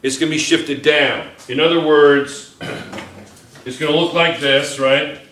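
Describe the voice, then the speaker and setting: Teaching a chemistry class, a man speaks slowly with a fairly high, fairly bright voice and fairly even intonation. He jokes around playfully and peppers his students with questions. The classroom is echoey, and there's a little hiss or hum.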